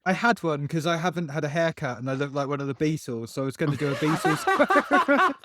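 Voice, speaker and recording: A man's voice: fairly high pitch, big pitch swings, a little fast, very noisy. A man in his thirties in casual podcast chat, laughing and a little flustered. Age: 30s. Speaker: podcast co-host.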